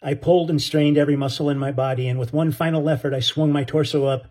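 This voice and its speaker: A man's voice: fairly high pitch, steady tone, fast talker, darkish tone. A man narrating an audiobook story in an earnest, dramatic way.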